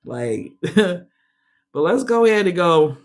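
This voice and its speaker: A woman's voice: lowish voice, big pitch swings, slow, noisy background. A woman giving a casual tarot reading, chatty and slangy, speaking straight to her listeners and sounding a bit stuffy. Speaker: tarot reader.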